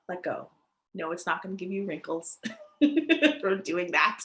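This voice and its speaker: A woman teaching a chair yoga class, giving gentle, cheerful instructions and laughing often. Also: fairly low pitch, very animated, slow. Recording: echoey room.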